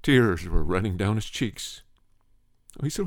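A man's voice: on the low side, lively intonation, measured pace, no room sound, clean studio sound. A male preacher telling a story in a sermon, earnest, restarting phrases and repeating words for emphasis.

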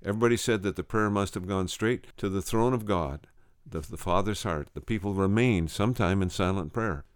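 A man's voice: moderate pace, clean tone, dry recording, clean studio sound. A man retelling a revival story, stumbling and repeating words now and then. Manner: voices quoted speakers with raised pitch.

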